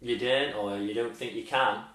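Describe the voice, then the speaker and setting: A man's voice: medium pitch, steady tone, a bit bright. A man with a mid-range voice chats casually as a co-host, backing up his partner and telling stories. The room gives his voice a noticeable echo. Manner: chatty, agreeable, quick to back the other speaker up. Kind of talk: casual chat. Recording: echoey room.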